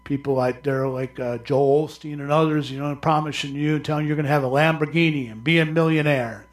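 A male pastor preaching a sermon, swinging from loud, raised cries down to low, quiet murmurs. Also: fairly even intonation, fairly quick.

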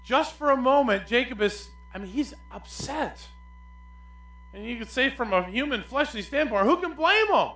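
A man preaching a sermon as pastor, animated, swinging between loud emphatic lines and quiet asides. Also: extremely high pitch, moderate pace, reverberant, poor audio.

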